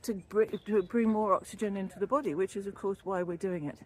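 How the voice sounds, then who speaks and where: Talking fast in a medium-pitched, darkish voice, an older wellbeing vlogger and former yoga teacher trainee chats while walking outdoors along a canal, somewhat breathless. She rambles casually and laughs easily about wellbeing. The recording, made on a built-in mic, has a little hiss or hum.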